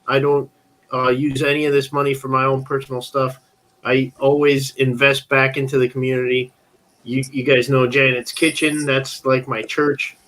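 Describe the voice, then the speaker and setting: A man hosting a casual livestream chat, excitable and stumbling over his words. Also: mid-range voice, normal speed. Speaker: host.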